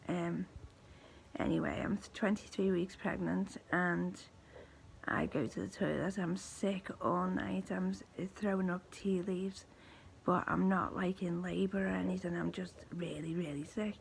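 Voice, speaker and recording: A woman in her thirties with a weak, thin voice, telling her own story to camera in slow, halting speech that often fades to a breathy near-whisper. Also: on the low side, steady tone, a little hiss or hum, low-quality recording. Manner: halting, slow speech with pauses, restarts and fillers. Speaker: vlogger.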